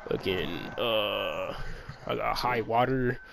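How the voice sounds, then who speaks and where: A man's voice: fairly low pitch, slow pace, gravelly, over a noisy crowd. A man telling a rambling, profane story in a casual chat, full of laughs.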